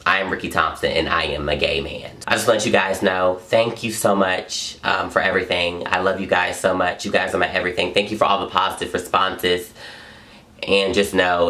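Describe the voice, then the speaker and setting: A man's voice: sits low, sharp tone. A young man telling a personal story straight to camera in an earnest, gushing vlog, often repeating himself. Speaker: vlogger. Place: home in Los Angeles.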